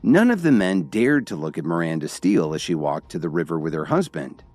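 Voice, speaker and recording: A man's voice: sits low, big pitch swings, a little fast, darkish tone, no echo. A man narrating a dramatic story in scripted style, voicing every character himself. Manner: dramatic storytelling, all voices by one reader.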